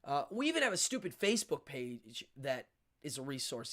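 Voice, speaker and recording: A middle-aged man chats casually on his livestream, his pitch swinging up and down as he rambles. He keeps up a loose, friendly patter with the viewers and drifts between topics. His voice sits at an everyday middle pitch. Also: moderate pace. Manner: animated and rambling, chatty asides to viewers. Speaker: livestream host.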